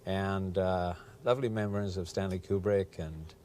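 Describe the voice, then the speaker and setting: A man's voice: low-pitched, fairly even intonation, normal speed, dark tone, slight background noise. A man being interviewed as a guest on a TV show, speaking mildly and hesitantly with many ums. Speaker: actor, guest. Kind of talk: casual interview chat. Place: TV studio.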